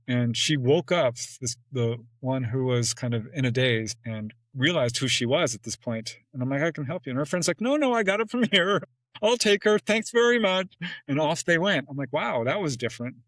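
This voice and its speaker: Animated man telling a story, dry sound. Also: no room sound, poor audio. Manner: animated, acts out quoted exchanges with jumps in pitch; laughs often between phrases. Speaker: podcast guest. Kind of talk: casual storytelling in an interview.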